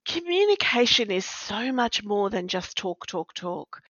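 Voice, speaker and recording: A woman hosting a podcast, explaining in a measured, explanatory way and stressing key words. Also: mid-range voice, sing-song, fairly bright tone, no room sound. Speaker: podcast host, practice faculty manager. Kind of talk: scripted-sounding podcast chat. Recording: dry, slightly dull lo-fi recording.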